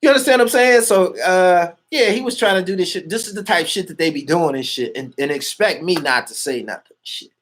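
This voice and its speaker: A man's voice: fairly high pitch, fast, few pauses, fairly bright tone, slight background noise. Boastful, profane man talking casually. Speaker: interviewee. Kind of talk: casual street talk.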